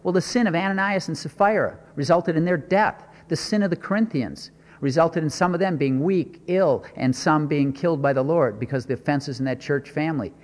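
A man's voice: a little high, fairly quick, a little mellow, big-room sound. A man preaching a sermon, stressing and repeating his points and asking rhetorical questions.

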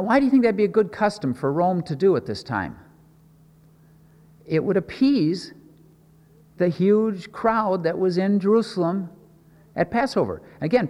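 A man's voice: high-pitched, darkish tone, long reverb tail. A man preaching in a conversational, explanatory way, asking the audience questions as he teaches a Bible passage.

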